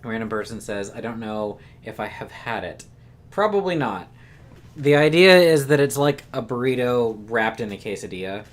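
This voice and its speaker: A man co-hosting a game stream, reading viewer messages aloud in a relaxed, halting way. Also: mid-range voice. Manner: reads chat messages aloud, hesitant fillers. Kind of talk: casual let's play chat.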